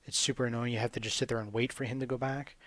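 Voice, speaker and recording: A man's voice: mid-range voice, little pitch movement, racing, fairly bright tone, dry recording. A man casually commentating his gameplay with wry, sarcastic asides. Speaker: gamer commentating a speedrun.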